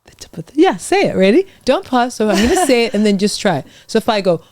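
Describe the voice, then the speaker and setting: A middle-aged woman, a vocal coach, leading warm-up exercises in a lively, encouraging, demonstrative way on a podcast. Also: on the high side, quick pace, dry recording. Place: podcast studio.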